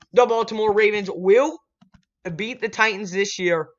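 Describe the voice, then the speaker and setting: Young male sports vlogger, bright tense voice, hyped, bursts into shouts, dull lo-fi recording. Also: high-pitched. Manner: hyped, swings from muttering to shouting. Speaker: sports channel host. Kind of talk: casual sports prediction vlog.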